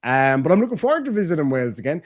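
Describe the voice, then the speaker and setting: A man's voice: on the high side, sing-song, rapid-fire, no echo, clean studio sound. A man with an Irish accent hosting a livestream, reading out viewer messages in a casual, joking, playfully crude way. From Ireland. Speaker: livestream host.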